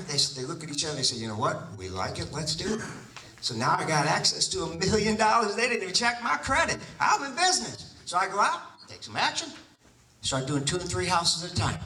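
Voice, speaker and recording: A man's voice: sits high, bright, forceful tone, roomy sound, distant mic, low-quality recording. A man telling a personal story to an audience, acting out both sides of his conversations. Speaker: real estate investor telling his story.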